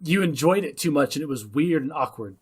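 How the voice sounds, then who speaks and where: A man's voice: fairly high pitch, lively intonation, brisk, husky. A man co-hosting a podcast in casual chat, trading snarky jokes. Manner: snarky, joking. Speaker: podcast co-host.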